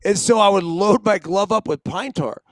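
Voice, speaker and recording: Laid-back high-voiced man. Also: moderate pace, fairly bright tone, dry recording. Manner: laid-back, says "dude" a lot. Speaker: co-host, former ballplayer. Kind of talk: casual baseball chat.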